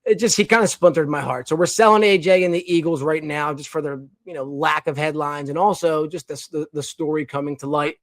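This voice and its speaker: A young man from the Philadelphia area hosts a loose, rambling podcast rant, tripping over restarts and fillers. His voice sits fairly high, and the recording is dry and close with no room sound. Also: steady tone, fairly quick, few pauses, no echo. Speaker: podcast host. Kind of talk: casual opinion segment.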